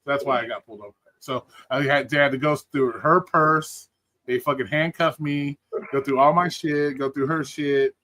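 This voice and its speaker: A man's voice: medium pitch, fairly even intonation, normal speed, bright, forceful tone. A man telling stories on a live stream in a casual, blunt and profane way. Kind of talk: casual storytelling.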